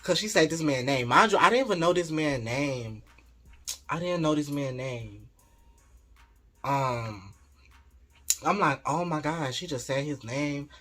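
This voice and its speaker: A man telling a story in an animated, slangy, laughing way. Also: on the high side, unhurried, pauses often. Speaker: vlogger. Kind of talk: casual storytelling.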